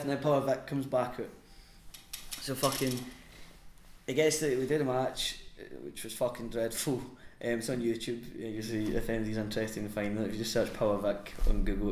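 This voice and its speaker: A wrestler appearing as a podcast guest tells a sweary anecdote, laughing frequently in a casual storytelling way. His mid-range voice sounds reverberant.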